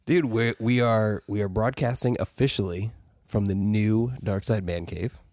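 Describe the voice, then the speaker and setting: A man's voice: fairly low pitch, steady tone, a little slow, a little mellow, dry recording. A man with a nasal voice and a head cold, co-hosting a casual roundtable podcast and joking and laughing often. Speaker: podcast co-host. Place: living room of a house with a fireplace. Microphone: studio microphone.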